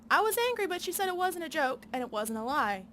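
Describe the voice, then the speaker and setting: Woman doing a soft-drawled backwoods woman. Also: sits high, sing-song, fast talker, slight background noise, exaggerated voice. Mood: earnest. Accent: Southern US. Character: grown woman from the backwoods, earnest and guarded. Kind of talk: video game voice reading.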